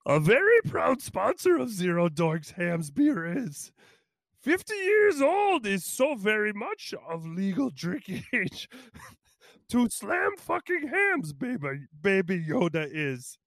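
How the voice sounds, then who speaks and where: A man's voice: sits high, wildly swooping pitch, slow, fairly bright tone, dry recording, voice pushed up, exaggerated voice. Yoda, as a man puts him on. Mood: mock solemn. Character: [male] wise old alien master, inverted speech.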